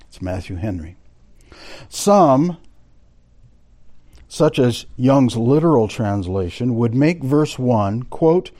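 A man with a mellow, darker tone leads a Bible study class. He explains the text patiently, reads passages aloud, and turns to his listeners with questions. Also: mid-range voice, expressive, unhurried. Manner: explanatory, quoting sources aloud, addressing the class directly. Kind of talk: Bible study lecture with read quotations.

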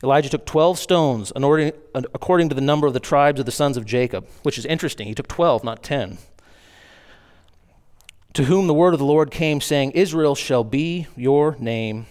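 A man's voice: mid-range voice, normal speed, a little mellow, clear, resonant tone. Guy preaching, reads the bible passage then breaks in to explain, gets punchy on the mocking bits. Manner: reads scripture aloud, then explains in asides; acts out the mocking lines with rising emphasis. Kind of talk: sermon with scripture reading.

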